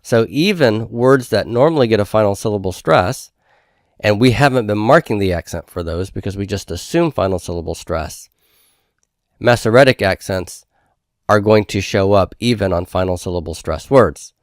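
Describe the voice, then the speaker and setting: Male teacher, low voice, patient explanations with frequent check-ins, close and dry. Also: lively intonation, normal speed, no echo. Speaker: Hebrew teacher. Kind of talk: recorded homework review lecture.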